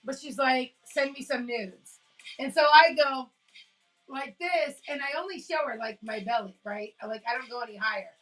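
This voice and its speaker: A woman's voice: sits high, normal speed, fairly bright tone, soft background music, poor audio. A woman hosting a casual live stream from home, telling stories with lots of laughs and greeting her chat. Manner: chatty storyteller, laughs often, greets chat. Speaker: livestream host.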